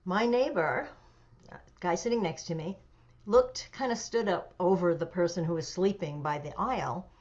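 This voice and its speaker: A woman in her seventies, an interview guest telling a personal story with animation, pauses and fillers. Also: fairly low pitch, a little mellow. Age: 70s. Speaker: interview guest, memoir author. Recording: dull lo-fi audio.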